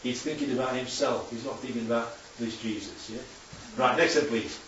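A man's voice: mid-range voice, fairly even intonation, moderate pace, a bit bright, a little hiss or hum. A man preaching a chatty sermon with slides to his congregation, constantly checking in with tag questions. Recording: echoey hall, distant dull mic.

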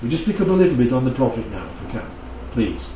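Preacher, chatty, echoey hall. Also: male voice, medium pitch, sing-song, quick pace, warm tone, a little hiss or hum. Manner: conversational, checks in with the audience often. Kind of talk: interactive Bible teaching. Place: church hall. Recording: dull, echoey hall from far off.

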